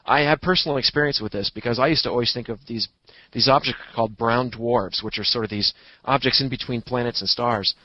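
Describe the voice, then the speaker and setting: A talkative man speaks as an astronomer guest in an easygoing podcast chat, explaining ideas and slipping in wordplay. His voice sits at an average pitch. It is dry and close, with a dull, lo-fi tone. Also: a little fast, no room sound. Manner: chatty, explanatory, enjoys puns. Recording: dull lo-fi recording.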